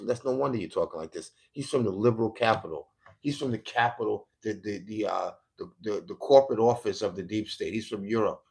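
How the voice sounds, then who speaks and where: American male streamer, mocking and profane, ranting political commentary at a viewer. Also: low voice. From United States.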